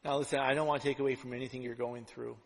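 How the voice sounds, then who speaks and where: A pastor delivering a conversational sermon, full of "right?" asides, swinging between loud and hushed. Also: male voice, mid-range voice, level tone, very fast, vocal fry, long reverb tail, low-quality recording.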